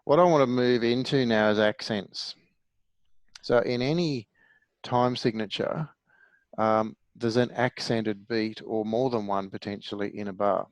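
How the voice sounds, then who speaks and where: A man's voice: lowish voice, unhurried, dry recording, poor audio. Patient male music teacher, middle-aged, dry close mic. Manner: patient, explanatory, asks the class questions. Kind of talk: online music theory lesson.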